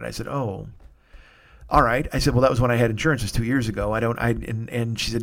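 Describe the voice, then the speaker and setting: A man hosting a podcast, telling a rambling, self-deprecating story in casual monologue and swearing freely, with sudden loud outbursts. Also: medium pitch, fast. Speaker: podcast host.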